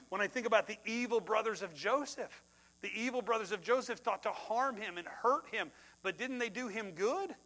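A middle-aged man, a pastor preaching a sermon and telling a personal story, swinging from loud outbursts to hushed tones. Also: high voice, poor audio.

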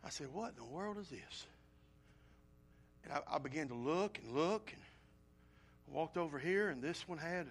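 A male pastor preaching a sermon, swinging from loud pleading appeals to quiet, low storytelling.

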